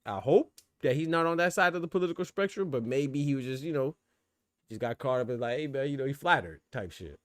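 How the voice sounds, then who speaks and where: Livestream host guy, laid back and slangy, answering chat, normal pitch, dry close mic. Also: fairly quick, no room sound. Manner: relaxed, slangy, reads chat aloud. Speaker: boxing commentary host. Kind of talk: casual livestream chat with viewers.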